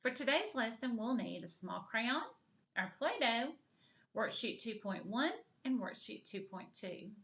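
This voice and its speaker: A woman teaching a kindergarten literacy lesson on video, speaking slowly and clearly and encouraging the children as she draws out each sound. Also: fairly high pitch, expressive, fairly bright tone.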